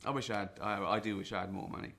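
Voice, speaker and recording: A man's voice: lowish voice, fairly even intonation, rapid-fire, bright, forceful tone, a little hiss or hum. An actor playing a self-deluded middle-aged male sales rep, rambling awkwardly with lots of ums and nervous chuckles in a comic mock guitar lesson. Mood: awkward boastful. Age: 40s. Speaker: would-be guitar teacher.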